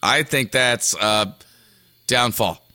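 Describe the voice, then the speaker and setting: A man co-hosting a casual podcast chat, with dry, deadpan humor. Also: medium pitch, slow, dry recording. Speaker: podcast co-host.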